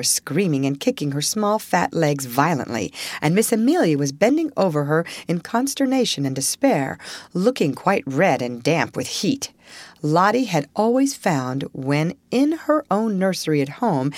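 A woman narrating a story as an audiobook, in an expressive storytelling manner. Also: low-pitched, dry recording.

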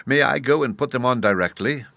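A man voicing a childish, cruel scheming noblewoman who talks in shrill, excited gushes. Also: brisk, vocal fry, no room sound. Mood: gushing.

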